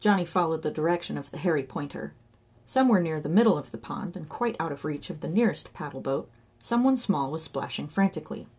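A woman reads an audiobook aloud in scripted narration, telling the story in a measured, wry way. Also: low voice, lively intonation, darkish tone, breathy edge.

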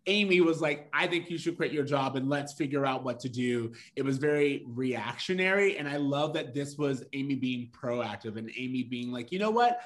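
A man in casual discussion on a podcast, talking in an enthusiastic, animated way. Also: mid-range voice, moderate pace, few pauses.

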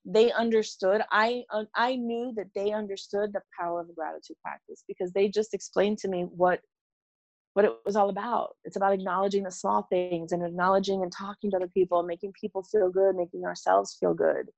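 A middle-aged woman, a former teacher, chats as a podcast guest, telling conversational stories and voicing the people in them. Her mid-range voice is brisk with fairly even intonation, vocal fry and a darkish tone. The recording is muffled, and her voice sounds dry and close with no room echo.

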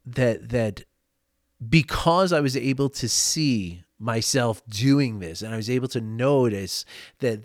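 A man's voice: medium pitch, dry recording, studio quality. A man hosting a talk show, telling a candid personal story in a reflective, rambling way with many fillers and frequent small laughs. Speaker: podcast host. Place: home.

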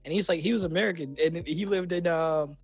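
A young man hosting a casual podcast chat, telling lively anecdotes and acting out the people in them. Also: fairly high pitch, brisk, slightly rough. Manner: animated storyteller, acts out voices in anecdotes. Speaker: podcast host.

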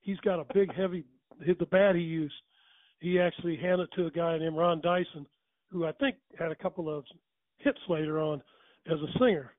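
A man's voice: fairly high pitch, normal speed, no room sound. An older man rambling through folksy baseball stories in a casual way. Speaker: storyteller. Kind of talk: casual storytelling. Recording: tinny phone line.

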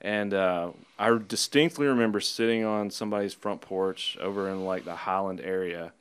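Southern host guy, chill, lowish voice, says dude a lot. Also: fairly even intonation, normal speed, clean tone. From Birmingham, Alabama. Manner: easygoing, says dude and man. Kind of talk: casual chat.

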